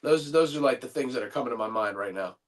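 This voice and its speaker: A man's voice: mid-range voice, fast. A man guesting on a podcast, talking in easygoing casual chat with hesitant fillers. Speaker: wrestler guest.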